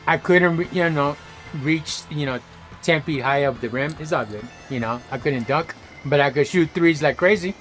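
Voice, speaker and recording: A man streaming a game, telling stories in a casual, animated way, full of slang and swearing. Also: a little high, normal speed, faint music behind. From Los Angeles area. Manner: animated, slangy, swears freely, laughs loudly. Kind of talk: casual storytelling chat while gaming.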